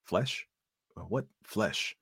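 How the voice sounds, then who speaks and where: A man voicing a prim, fussy gentleman who questions and orders in a raised, authoritative way. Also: medium pitch, sing-song, a little fast, slightly rough, no echo, clean studio sound, voice pushed up. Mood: demanding.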